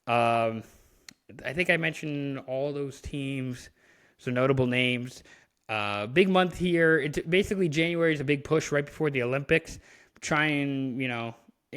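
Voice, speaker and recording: A man's voice: medium pitch, fairly bright tone. Rambling man talking sports on a podcast. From Canada. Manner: rambling, frequent fillers and restarts. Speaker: podcast co-host. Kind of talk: casual sports chat.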